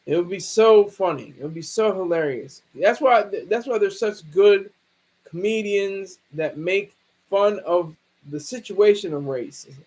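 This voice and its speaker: A man hosting a livestream, talking through a case in a rambling, halting way with many restarts. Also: sits high, darkish tone, rough recording. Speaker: livestream host. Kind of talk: casual livestream commentary.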